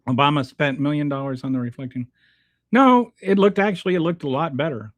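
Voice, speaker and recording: Male host, slightly high voice, dry close sound; casual, halting, exasperated rebuttals to comments. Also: no room sound. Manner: halting, restarts often, blunt and exasperated. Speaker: show host answering viewer comments.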